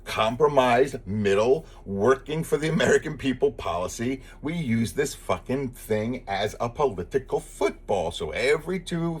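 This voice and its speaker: A man's voice: mid-range voice, husky. A man delivering a profane, sarcastic political rant as a commentator, exasperated and blunt. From lives in Texas. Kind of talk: ranting monologue.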